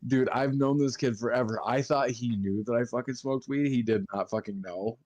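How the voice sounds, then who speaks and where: A man's voice: mid-range voice, fairly even intonation, normal speed, a little mellow, no room sound, muffled recording. A young man telling rambling stories in casual podcast chat, swearing constantly and acting out what others said. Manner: rambling, heavy swearing, acts out quotes. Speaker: podcast co-host.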